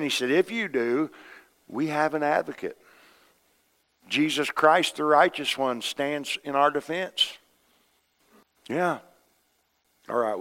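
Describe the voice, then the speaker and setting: A middle-aged man, a pastor preaching a sermon, animated, acting out voices in his stories and swinging between loud and soft. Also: medium pitch. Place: church sanctuary. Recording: long reverb of a church hall.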